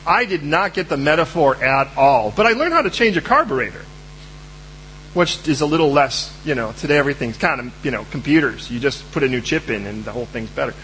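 A man preaching a sermon in a lively, animated way, acting out the voices of Bible figures. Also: fairly high pitch, a little fast, a little hiss or hum, low-quality recording.

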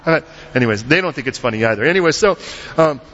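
A middle-aged man preaching a sermon as pastor, telling stories in an animated way and acting out voices. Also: mid-range voice, rapid-fire, lo-fi sound. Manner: animated storytelling, acts out voices.

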